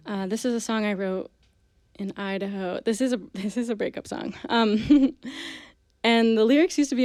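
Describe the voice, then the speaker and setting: A woman musician chatting as a radio guest, soft-spoken and hesitant, with many ums and small laughs. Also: mid-range voice, steady tone, normal speed, no echo, clean studio sound. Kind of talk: casual radio interview chat. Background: guitar.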